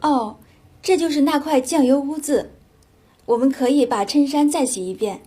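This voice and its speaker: A woman's voice: high-pitched, moderate pace, warm tone, lightly acted. A woman playing a polite female hotel manager in a scripted learner dialogue, courteous and apologetic.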